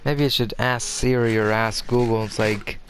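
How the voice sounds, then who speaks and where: A young male gaming commentator with a voice on the low side chats casually at a normal speed while he plays, soft music in the background. His intonation stays fairly even as he rambles, keeps restarting sentences, and leans on lots of fillers.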